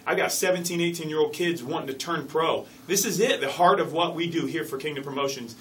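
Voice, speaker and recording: A man who promotes fight events, talking excitedly in a casual radio studio interview. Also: fairly high pitch, recorded from a distance, a little hiss or hum, poor audio. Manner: excited, fast-talking, jokey. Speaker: MMA fight promoter, guest.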